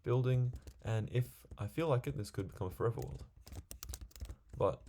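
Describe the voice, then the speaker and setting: A man's voice: mid-range voice, lively intonation, moderate pace, dark tone, slight background noise. A young man chatting to himself while playing a video game, rambling casually from one thing to the next. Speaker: gaming video creator. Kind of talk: casual gameplay commentary.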